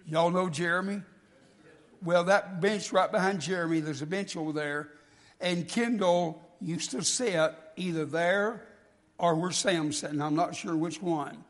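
A guest preacher with a high male voice delivers a folksy sermon in a church sanctuary at a measured pace. He has a cold, sounding congested and coughing, and he stumbles and restarts, all under long church reverb.

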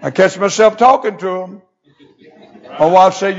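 A man's voice: high voice, moderate pace. A man preaches in a folksy, down-home way, reading scripture in old-fashioned English. The recording is dull and lo-fi. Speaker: pastor. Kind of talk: sermon.

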